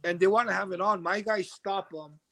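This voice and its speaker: A middle-aged man telling a story in a casual interview, animated and acting out the voices of the people he quotes. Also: sits high, a little fast. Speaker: interview guest.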